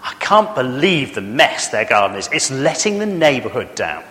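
A man's voice: mid-range voice, sing-song, normal speed, bright, forceful tone, in a large hall, slight background noise. A man voicing a fussy, gossiping neighbour who disapproves of everyone. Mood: disapproving. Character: gossiping, judgemental grown-up neighbour.

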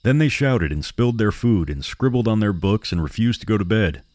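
Male horror-podcast narrator; deep, measured delivery, dry and close. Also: animated, darkish tone, no room sound.

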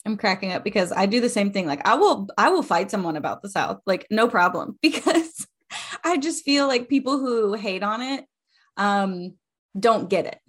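A woman's voice: mid-range voice, lively intonation, moderate pace. A woman co-hosting a podcast, chatting emphatically and laughing along. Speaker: podcast co-host. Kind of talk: casual podcast chat.

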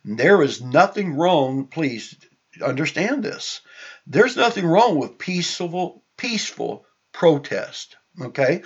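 A man's voice: a little high, sing-song, takes it slowly, slightly rough. A man preaching a sermon, reading scripture aloud and adding conversational asides with frequent restarts. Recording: dull lo-fi recording.

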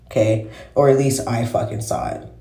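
A woman's voice: extremely low pitch, fairly even intonation, moderate pace, mellow. A woman vlogger in a casual monologue, ranting with heavy swearing and exasperation. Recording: roomy echo.

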